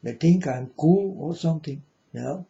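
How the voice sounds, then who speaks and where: Man, very dark gravelly voice, slow rambling profane monologue, non-native grammar, dull lo-fi recording. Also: a little high. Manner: rambling, profane, with frequent "you know". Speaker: self-styled spiritual speaker. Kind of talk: casual spoken monologue.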